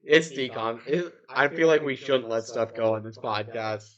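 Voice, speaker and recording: A man's voice: mid-range voice, fairly even intonation, moderate pace, fairly bright tone. Guy cohost making dry jokes about a movie, mid voice, kinda muffled mic. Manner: wry, dry jokes and quips. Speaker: podcast co-host. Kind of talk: casual movie recap chat. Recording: slightly dull lo-fi mic.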